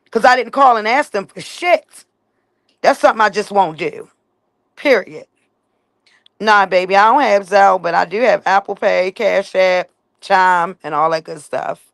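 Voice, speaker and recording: A woman's voice: medium pitch, vocal fry, no echo. A woman with kids talking bluntly to her viewers on a casual live stream, driving home each point with "facts" and "period.". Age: adult with children. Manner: blunt and emphatic, keeps punctuating with "facts" and "period".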